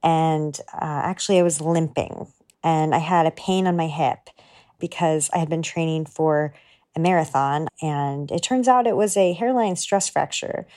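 A woman's voice: low-pitched, moderate pace, mellow. A woman telling an earnest, heartfelt personal story for a podcast, voicing her own inner thoughts as she goes. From United States. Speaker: guest storyteller.

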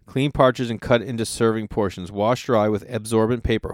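A man's voice: medium pitch, very animated, moderate pace, a bit bright, no echo, studio quality. Exasperated man riffing on old recipes. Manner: incredulous, exasperated riffing with swearing. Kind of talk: casual comedic chat reading old recipes.

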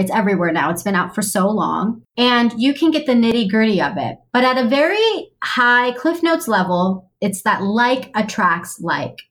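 A woman hosting a casual solo talk, chatty and animated, acting out little quoted reactions as she explains. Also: medium pitch. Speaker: podcast host.

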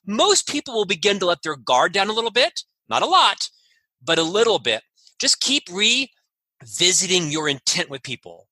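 Emphatic male guest with a sharp, husky voice, a touch high, dry close sound. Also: no echo. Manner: emphatic, keeps checking in with "right?". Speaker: leadership guest. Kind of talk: advice in a podcast interview.

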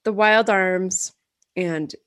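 A woman's voice: mid-range voice, fairly even intonation, very slow, no room sound. A woman co-hosting a podcast over a video call, telling stories in casual chat and talking around a dental retainer. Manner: chatty storyteller, talks through a dental retainer. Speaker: podcast co-host.

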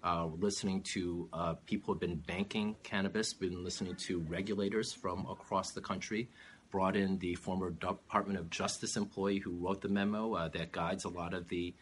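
A man running for office, answering interview questions in a measured, steady way with frequent "uh" fillers. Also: low voice, a little hiss or hum. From California. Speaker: political candidate.

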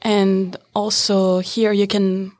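A young French woman with a French accent, answering interview questions in English in a hesitant, halting way with lots of "uh" and "um.". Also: medium pitch, level tone, darkish tone. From France. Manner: hesitant, halting, laughs easily. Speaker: interview guest. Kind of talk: casual interview chat.

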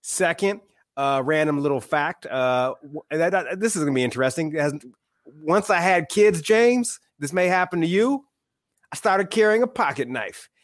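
A man in his thirties from Michigan, a guest and author, talking in a relaxed, wry, opinionated way. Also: a little high, moderate pace, no echo, clean studio sound. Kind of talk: casual chat.

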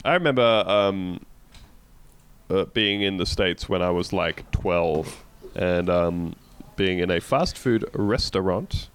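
A man's voice: sits low, slow pace, clear, resonant tone. Sweary jokey Australian man. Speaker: podcast co-host. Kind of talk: casual comedic chat.

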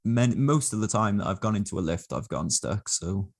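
A man's voice: fairly low pitch, expressive, a little fast, creaky, no echo. A young man co-hosting a comedy podcast, talking in a dry, tongue-in-cheek way with hesitant fillers. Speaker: podcast co-host. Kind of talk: casual comedic podcast chat.

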